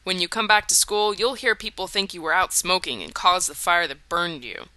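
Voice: medium pitch, normal speed, bright, forceful tone, no echo. A reader voicing an earnest, cryptic teenage boy. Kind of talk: audiobook character voice.

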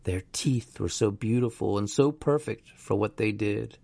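Man, story narration, low pitch, dry close sound. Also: unhurried, vocal fry, mellow, dry recording. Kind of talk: audiobook narration.

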